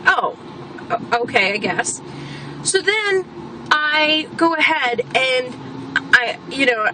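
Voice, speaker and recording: A woman venting in a casual, blunt rant as a homeowner, exasperated and swearing freely. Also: sits high. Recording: background traffic noise.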